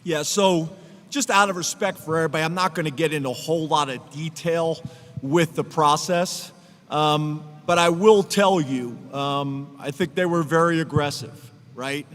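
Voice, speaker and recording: A man's voice: on the high side, fairly even intonation, moderate pace, a bit bright. A middle-aged man speaking as head football coach at a press conference, earnest and emotional, choking up at times. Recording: long hall reverb.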